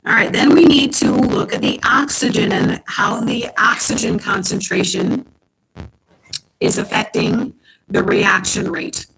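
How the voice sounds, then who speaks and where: A woman's voice: fairly high pitch, measured pace, vocal fry, a bit bright, husky, rough recording. A woman chemistry teacher giving an online class from home, explaining step by step with frequent ums. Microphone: home computer mic on a live stream.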